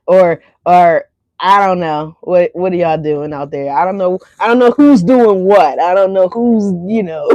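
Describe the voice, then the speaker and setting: A woman's voice: lowish voice, darkish tone, dry recording. A woman giving a casual tarot reading who rambles, swears, laughs to herself and talks straight to her viewers. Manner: rambling, profane, laughing asides. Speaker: tarot reader.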